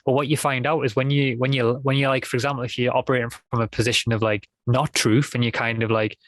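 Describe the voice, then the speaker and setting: A man's voice: medium pitch, level tone, fast, fairly bright tone, no echo. A man, a podcast guest talking in a casual, rambling way, full of restarts and fillers. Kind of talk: casual conversation.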